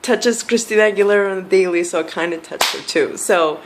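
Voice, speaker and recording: A woman's voice: mid-range voice, noisy background. A young woman vlogging to camera, telling a story in a gushing, filler-heavy way and sounding tired. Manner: gushing, fast, full of "like" and quoted reactions.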